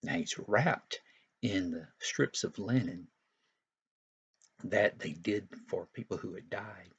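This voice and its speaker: A man's voice: deep voice, slow pace, creaky, breathy edge, highs cut off. A man teaching Sunday school, retelling a Bible story for young children in a folksy, explanatory way with frequent asides.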